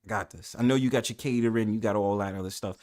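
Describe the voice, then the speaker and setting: A man's voice: fairly low pitch, darkish tone. A man with a New York accent hosting a live stream, teasing his guest in casual banter with frequent laughs. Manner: playful, teasing, quick to laugh.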